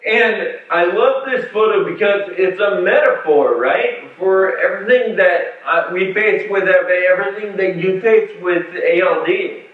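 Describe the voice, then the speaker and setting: A man's voice: sits high, unhurried, hardly any pauses. A man telling a personal story in a talk with slides, with many fillers and restarts. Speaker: speaker sharing a patient story. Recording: far-off mic in echoey hall, phone-like sound.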